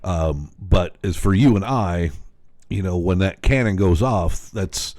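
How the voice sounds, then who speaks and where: A man's voice: deep voice, measured pace, a little mellow, no echo, studio quality. A man co-hosting a casual podcast, easygoing and agreeable, telling anecdotes between short replies. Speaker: podcast co-host. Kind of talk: casual chat.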